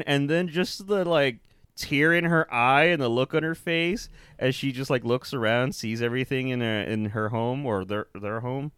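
A man's voice: mid-range voice, fairly bright tone, clear, resonant tone, no room sound, studio quality. A man co-hosting a podcast, chatting casually and animatedly about a film, laughing often and swearing. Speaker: podcast co-host. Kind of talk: casual movie review chat.

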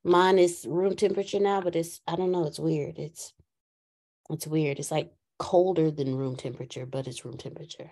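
A woman's voice: low voice, steady tone, moderate pace, dark tone. A woman from Texas with a Southern accent, co-hosting a casual livestream in a bubbly, chatty way, laughing often and drawing out her greetings. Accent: Southern American. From Galveston, Texas. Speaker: co-host.

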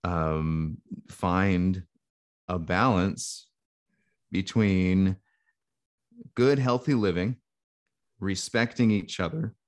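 A man with a very low, deep voice talks through ideas in a loose podcast chat. He rambles, circles back and restarts his sentences as he thinks aloud. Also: drawn-out words, pauses often. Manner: thoughtful, rambling, frequent restarts. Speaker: podcast co-host. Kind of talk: casual chat.

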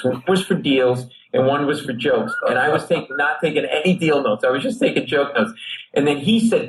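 A man's voice: medium pitch, rough recording. A middle-aged man from Rhode Island, a comedian guest telling a long story on a talk show and acting out the people in it. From Rhode Island, USA. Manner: lively anecdote teller who acts out other people's voices.

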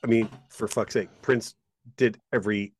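A man co-hosting a podcast in casual chat, animated and jokey, swearing casually. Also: fairly low pitch, moderate pace, husky, dry recording, clean studio sound. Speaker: podcast co-host.

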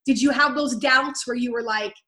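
A woman's voice: a little high, normal speed, sharp tone. A woman podcast host asking a guest a long, rambling question and rephrasing it as she goes. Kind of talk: interview questions. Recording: echoey room.

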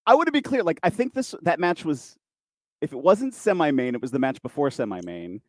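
A man's voice: fairly high pitch, sing-song, brisk, no room sound, studio quality. A man, a wrestling commentator, chatting casually and rambling through his stories while voicing others in quotes. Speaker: podcast host, wrestling commentator. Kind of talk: casual storytelling chat.

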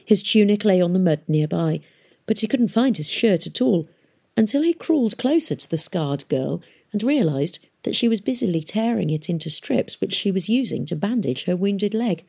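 A woman narrating an audiobook in a measured, gentle storytelling manner. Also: medium pitch, animated, creaky, husky. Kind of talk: scripted narration.

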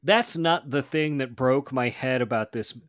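A man's voice: mid-range voice, a little slow, no room sound. A man on a podcast answering questions with dry, joking explanations. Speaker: podcast guest expert. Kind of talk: casual podcast discussion.

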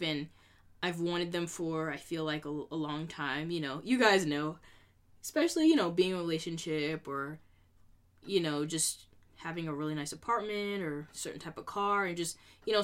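A woman's voice: on the low side, fairly bright tone. A young adult woman vlogging in a casual, reflective way, earnest and rambling, with lots of "you know" fillers. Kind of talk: casual reflective vlog talk.

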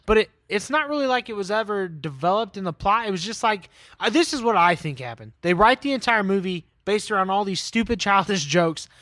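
A man's voice: high-pitched, expressive, brisk, hardly any pauses, pushed and bright, dry recording. A man co-hosting a podcast, rambling casually about a movie's plot with many likes and restarts. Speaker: podcast co-host. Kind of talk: casual movie-review chat.

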